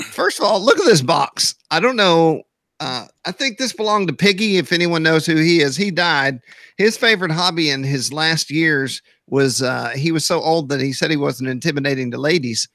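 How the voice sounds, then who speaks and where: A man's voice: on the high side, animated, moderate pace, pushed and bright, no echo, clean studio sound. A middle-aged man co-hosting a casual hobby chat, joking and rambling through stories. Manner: jokey, rambling storyteller. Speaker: co-host.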